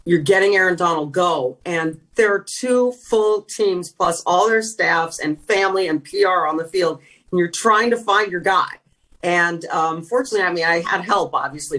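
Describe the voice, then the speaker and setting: A woman's voice: fairly low pitch, a bit bright. A middle-aged woman from California, a former sideline reporter being interviewed, telling stories earnestly with frequent restarts. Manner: earnest storytelling, trailing restarts. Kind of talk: emotional reflective interview talk.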